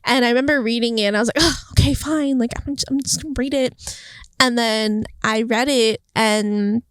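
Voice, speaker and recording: A young woman hosting a casual faith podcast, talking in an excitable, chatty way with lots of fillers and laughter. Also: a little high, fairly quick, smooth, dry recording. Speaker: podcast host. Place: outdoors on a hill near the beach. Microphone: camera.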